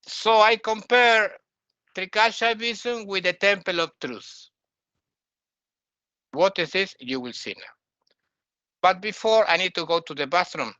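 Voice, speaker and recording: Male lecturer who drills pronunciation slowly and emphatically; bright voice, dull dry lo-fi sound. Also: high-pitched, smooth, no echo. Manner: emphatic, repeats and corrects words. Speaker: teacher. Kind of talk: lecture on Sanskrit texts. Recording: dull lo-fi recording.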